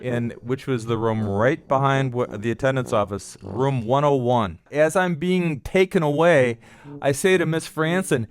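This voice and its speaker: A middle-aged man hosting a podcast, telling childhood stories in a relaxed monologue and acting out the quoted voices now and then. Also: medium pitch, unhurried. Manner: nostalgic, acts out quoted voices with some filler words. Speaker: podcast host. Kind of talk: storytelling monologue.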